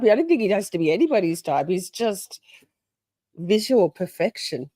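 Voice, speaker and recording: A woman's voice: fairly low pitch, lively intonation, fairly quick, dark tone, no echo, clean studio sound. A woman hosting a livestream, chatting casually and gushing with frequent laughter as she recaps a trial. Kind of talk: casual live commentary.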